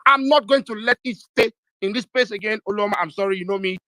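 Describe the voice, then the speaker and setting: Brief: young Nigerian male host, Nigerian accent, emotional and insistent, high and bright. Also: fast talker, no echo, poor audio. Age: young adult. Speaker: host of an audio chat room. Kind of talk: heated live debate.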